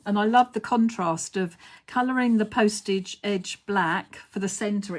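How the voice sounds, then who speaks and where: A middle-aged British woman hosting a casual craft live stream, gushing with praise as she shows cards. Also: mid-range voice.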